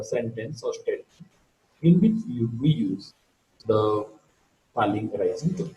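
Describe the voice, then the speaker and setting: A man gives a recorded online phonetics lecture, talking deliberately and repeating key terms as he explains each point. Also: mid-range voice, dark tone. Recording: echoey room, dull lo-fi sound.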